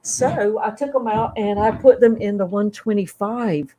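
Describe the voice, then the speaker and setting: A woman chatting casually, telling small stories with soft-spoken asides. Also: mid-range voice, measured pace. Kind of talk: casual group chat.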